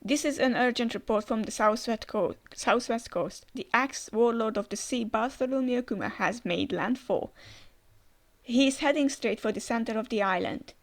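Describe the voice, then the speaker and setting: A woman reading out an urgent report by a male soldier in a comic, in a steady read-aloud way. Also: a little high, normal speed, creaky.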